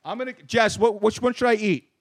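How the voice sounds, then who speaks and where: A man's voice: sits high, fairly quick. A man hosting a radio talk show, brash and profane in casual banter.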